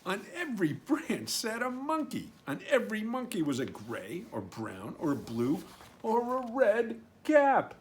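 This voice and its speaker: Male storyteller reading a picture book: high, very animated, slow and deliberate. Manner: expressive, lively storytelling voice.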